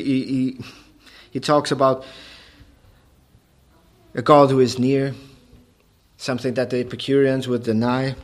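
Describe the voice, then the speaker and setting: A man preaching a sermon, emphatic and repetitive, asking the congregation rhetorical questions and building to forceful peaks. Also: mid-range voice. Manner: emphatic, rising to forceful peaks, repeats phrases.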